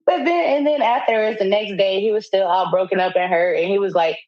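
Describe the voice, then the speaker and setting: A woman co-hosting a podcast tells a story in a loose, casual chat. She is animated and profane and breaks into laughter often. The sound is dull and lo-fi, with a dry, close feel. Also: mid-range voice, fairly quick, no room sound. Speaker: podcast co-host.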